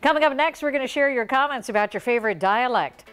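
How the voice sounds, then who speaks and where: A woman's voice: high voice, fast talker, a bit bright, soft background music. A woman co-hosting a morning TV show, chatting and teasing her co-host. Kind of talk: casual studio chat.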